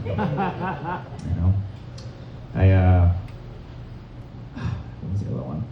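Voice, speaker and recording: A young man from Massachusetts doing a rambling stand-up set in a comedy club, deadpan and full of fillers. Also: low voice, slow pace, gravelly, pauses often, noisy background. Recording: dull, roomy, distant club recording.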